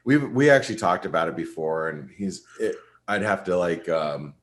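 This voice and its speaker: A middle-aged man with a very low voice talks casually on a trading webinar. He rambles, doubles back on his words and fills the gaps with "um" and "you know". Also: lively intonation, normal speed. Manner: rambling, with frequent restarts and fillers. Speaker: webinar host and market analyst.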